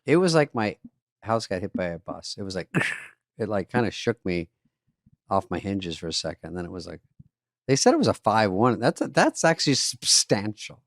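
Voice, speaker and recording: A man co-hosting a podcast in casual comedic chat, with deadpan wisecracks. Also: lowish voice, moderate pace, dry recording, clean studio sound. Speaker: podcast co-host.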